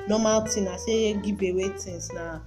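A woman's voice: mid-range voice, steady tone, normal speed, roomy sound, lightly acted. A woman with a Nigerian accent playing a young woman friend, exclamatory, mixing in Pidgin phrases. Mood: excitable. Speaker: friend mediating. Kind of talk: comedy skit acting. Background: music.

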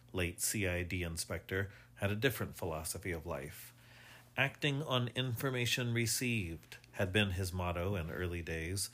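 A man reading a mystery story aloud in measured, scripted narration. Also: low voice, a bit bright.

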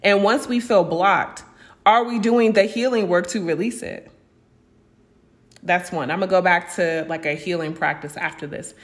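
A young adult woman with a lowish voice and fairly even intonation talks at a moderate pace. As a podcast host delivering a candid spiritual monologue, she speaks frankly and emotionally about her own life, swearing freely and acting out what others said to her.

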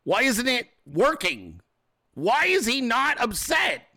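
A man's voice: very high-pitched, huge pitch swings, takes it slowly, pushed and bright, pitched above the performer's own voice, exaggerated voice. A man putting on the voice of a panicky, whining male leftist to mock him. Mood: panicked whining. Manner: mocking, incredulous whining.

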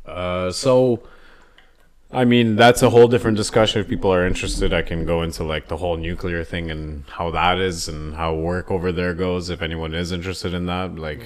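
A man's voice: low-pitched, little pitch movement, fairly quick. Profane rambling young man. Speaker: podcast co-host. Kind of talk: casual podcast chat.

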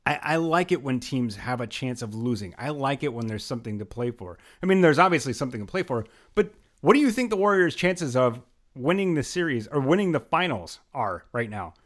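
A man's voice: mid-range voice, big pitch swings, brisk, few pauses. A man co-hosting a casual sports chat, blunt and swearing, laughing often. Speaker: podcast co-host.

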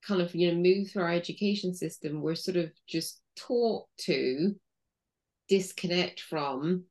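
A woman with a notably low voice talks as a podcast guest, explaining her ideas patiently. She leans on "you know" as she thinks aloud and walks listeners gently through a body-awareness exercise. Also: a little slow. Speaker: guest, intuition coach. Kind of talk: explanatory interview talk.

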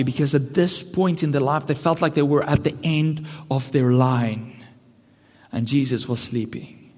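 High-voiced preacher in a reverberant hall. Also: male voice, fairly quick. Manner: earnest, building to emphatic questions. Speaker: pastor. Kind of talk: sermon.

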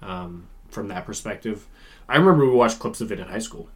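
Casting: male podcast co-host, casual studio banter, expressive, laughs easily. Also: fairly low pitch, fairly quick. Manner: animated, laughs often, trails off into mumbles. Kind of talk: casual chat.

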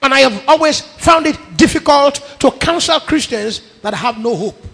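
A man's voice: very high voice, lively intonation, normal speed, gravelly, a bit bright. A middle-aged man with a Nigerian accent preaching a sermon, emphatic, piling up repeated phrases. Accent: Nigerian English. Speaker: pastor. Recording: long echo of a large hall.

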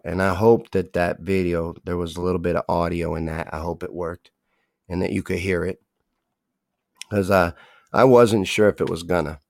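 Gravelly, heated livestream host. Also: male voice, low voice, no room sound, clean studio sound. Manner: heated, swearing, talks straight to viewers. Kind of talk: casual livestream talk, reading chat.

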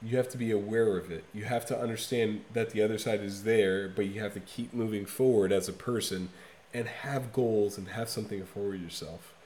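Swearing guy on a podcast, gets loud then drops way down, echoey room. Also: normal speed. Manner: profane, emphatic, swings from loud to low. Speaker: podcast co-host. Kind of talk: casual chat reviewing an album.

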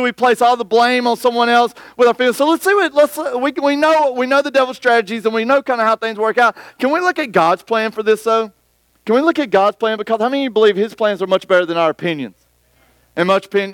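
A man's voice: high voice, fairly bright tone, no echo. A man preaching a sermon in a conversational way, acting out the voices of other people. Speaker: pastor.

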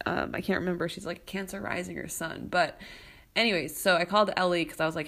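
A young woman telling a story in a casual monologue, animated and chatty, with many fillers and restarts. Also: lowish voice, fast.

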